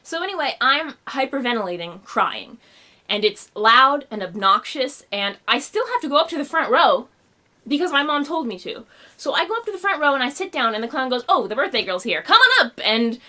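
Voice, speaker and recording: A young woman telling a personal story in a home vlog, animated and expressive, acting out the quotes. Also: high voice, brisk. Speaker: vlogger. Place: home room.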